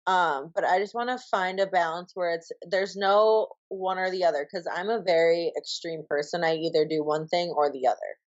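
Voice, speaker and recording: A woman's voice: fairly low pitch, normal speed, hardly any pauses. A woman with a Minnesotan accent, a podcast guest talking casually and chattily. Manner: chatty, full of "like" fillers. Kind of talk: casual interview chat. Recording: dull lo-fi sound.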